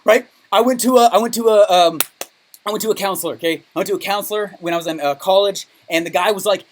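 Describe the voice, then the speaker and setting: Male business coach, punchy motivational delivery, keeps checking in with "okay?". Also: quick pace. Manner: high-energy, emphatic, keeps asking "okay?". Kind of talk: motivational training talk.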